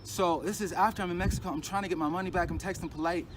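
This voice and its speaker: A man tells a rough personal story in a casual, halting way, stumbling over restarts and circling back on his own phrases. His voice sits a little high for a man. Loud street traffic runs behind him outdoors. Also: fairly even intonation. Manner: halting and agitated, many restarts and repeated phrases. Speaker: storyteller recounting a personal ordeal.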